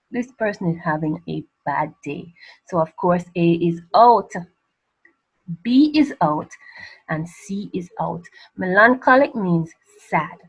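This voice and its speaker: A woman's voice: mid-range voice, husky, highs cut off. A woman teacher working through exam questions on a poem step by step, posing rhetorical questions and answering them in a patient, conversational way. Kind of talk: exam revision lesson.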